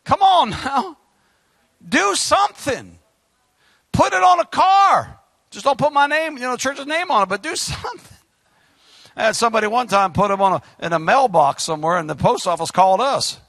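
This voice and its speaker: A pastor preaching with fire, his voice high and bright and leaping all over its range. He swings from shouted exhortation to quick, quieter asides, heard close and dry with no room echo. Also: animated. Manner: fiery, exhorting, rapid shifts between shouting and quiet asides. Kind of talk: sermon.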